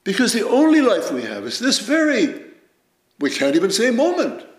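A man giving a Zen dharma talk as teacher, measured and reflective, telling stories with lively emphasis. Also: sits high. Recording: roomy echo.

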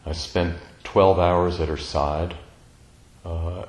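A man telling a personal family story in a slow, tender, reflective way, pausing often. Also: low-pitched, steady tone, echoey room, poor audio. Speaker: speaker sharing a personal story.

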